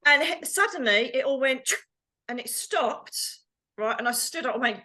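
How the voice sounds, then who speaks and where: Woman co-host, lively storyteller, slightly high voice, acts out what people said. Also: moderate pace. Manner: animated, acts out quotes, exclaims. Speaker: co-host, medium. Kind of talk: storytelling chat.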